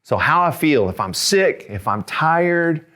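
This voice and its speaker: A man's voice: on the high side, sing-song, pushed and bright. Patient male Spanish teacher. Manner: patient, repeats and slowly spells out words, often checks "okay?". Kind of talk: classroom-style grammar lesson.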